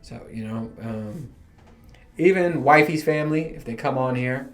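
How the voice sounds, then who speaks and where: A man's voice: mid-range voice, normal speed. A man hosting his own podcast, rambling through casual stories with lots of swearing and frequent laughter. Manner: profane, storytelling, laughing often. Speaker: podcast host.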